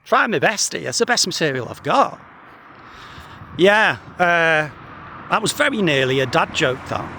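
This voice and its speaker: A man's voice: on the high side, very animated, measured pace, pushed and bright, a little hiss or hum. A man rambling through a dry, jokey monologue to the camera outdoors in a wheat field, swearing freely. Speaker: vlogger.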